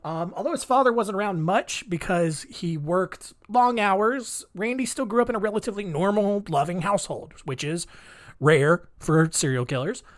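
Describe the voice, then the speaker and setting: A man's voice: high-pitched, normal speed. A man hosting a podcast solo, rambling casually with lots of fillers and restarts. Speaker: podcast host.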